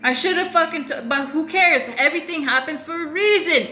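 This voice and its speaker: A woman's voice: high voice, brisk, sharp tone, roomy sound, soft background music, low-quality recording. A woman talking straight to her viewers in a confessional vlog, emphatic and repeating phrases for weight, with the odd swear. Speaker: vlogger. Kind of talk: confessional talk to camera.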